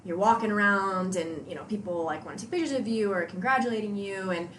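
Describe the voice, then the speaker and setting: A woman's voice: mid-range voice, quick pace, echoey room, a little hiss or hum. A woman guest on a podcast, chatting casually about her training and acting out the things she and her coach said. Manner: animated, acts out quoted exchanges. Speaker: podcast guest, CrossFit athlete. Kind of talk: casual conversational storytelling.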